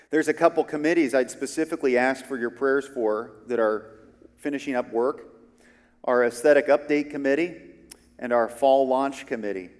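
A man preaches a sermon in an earnest, conversational manner, often restarting his sentences. His voice sits at an ordinary middle pitch. Long reverb from the church space trails behind his words. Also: darkish tone. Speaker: pastor.

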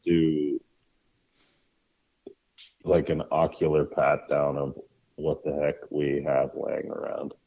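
A man's voice: very deep voice, completely flat delivery, slow pace, creaky, pauses often, narrow, tinny audio. A man co-hosting a casual chat, chiming in with dry quips. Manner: dry joker who chimes in with quips. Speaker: podcast co-host.

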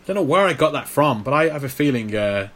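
A man's voice: mid-range voice, lively intonation, quick pace, a bit bright. A man co-hosting a casual film podcast, explaining at length and stammering over his restarts. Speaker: podcast co-host.

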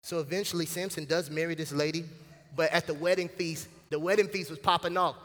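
High-voiced preaching pastor, hall echo. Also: male voice, a little fast. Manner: lively preaching with slang and acted-out quotes. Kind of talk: sermon. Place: church sanctuary. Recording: church hall reverb.

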